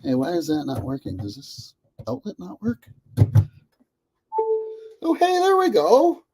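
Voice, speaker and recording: A man hosting a casual live stream from home, rambling chattily, greeting viewers by name and laughing often. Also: high voice. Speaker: livestream host.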